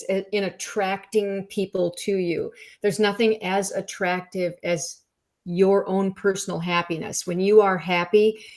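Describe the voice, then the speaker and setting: A woman co-hosting a live talk show over a video call, upbeat and brisk as she runs giveaways and chats. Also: medium pitch, darkish tone. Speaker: co-host. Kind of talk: casual chat.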